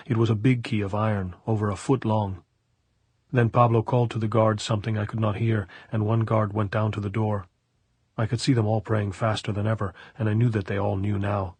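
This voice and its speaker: A man reading a novel aloud as an audiobook narrator, in a steady, measured storytelling manner. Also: on the low side, slightly rough, dry recording.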